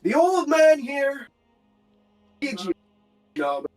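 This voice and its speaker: A man's voice: very high-pitched, big pitch swings, takes it slowly, recorded from a distance, soft background music, voice pushed up, exaggerated voice. A man doing a pompous stern priest. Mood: proclaiming. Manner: pompous, proclamatory. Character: stern pompous male priest enforcing royal orders.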